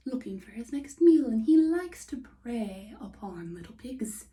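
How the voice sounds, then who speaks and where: A woman telling a fairy tale in a hushed, often whispering, unhurried voice. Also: a little high, sing-song, far from the mic. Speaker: storyteller. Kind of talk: soft whispered storytelling.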